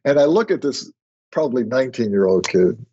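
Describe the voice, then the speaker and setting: Older guy telling work stories on a podcast, slightly husky, muffled lo-fi sound. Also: medium pitch, a little fast. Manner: storytelling, animated when quoting others. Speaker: podcast guest. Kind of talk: conversational interview. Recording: muffled lo-fi remote audio.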